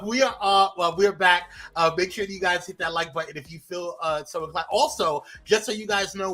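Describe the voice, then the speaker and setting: Upbeat man co-hosting a live show. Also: on the high side. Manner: energetic, laughing, loose with fillers. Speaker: co-host. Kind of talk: casual live podcast chat.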